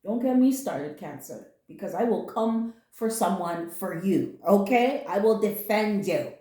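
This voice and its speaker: A woman's voice: mid-range voice, expressive, measured pace, mellow, echoey room. A woman giving a casual spoken tarot reading, earnest and comforting, emotional at times and blunt with slang. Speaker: tarot reader.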